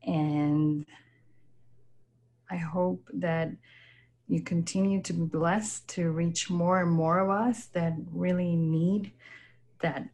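Lady leaving a listener message, slow and kinda hesitant, lowish voice. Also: steady tone, darkish tone. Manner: hesitant, apologetic, many ums.

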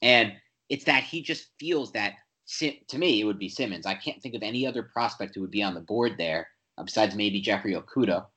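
A man co-hosting a sports podcast, talking football in an animated, opinionated way with quick restarts. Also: lowish voice, husky. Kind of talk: casual sports chat.

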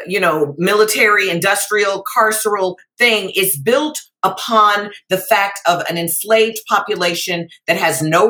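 A woman hosting a podcast, talking in a slow, emphatic way and repeating words as she goes. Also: mid-range voice, bright, forceful tone. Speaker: podcast host. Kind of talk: casual conversation.

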